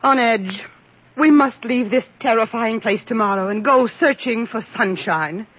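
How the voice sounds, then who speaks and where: A woman's voice: on the high side, a little slow, husky. An actress playing an affected, fussy wealthy mother with a grand, languid, theatrical drawl, in a 1940s radio play. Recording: lo-fi vintage radio broadcast.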